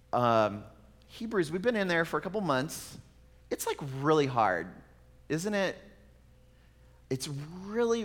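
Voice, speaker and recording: A man's voice: on the high side, fairly bright tone, big-room sound. A male pastor preaching a sermon in a conversational way, with casual asides.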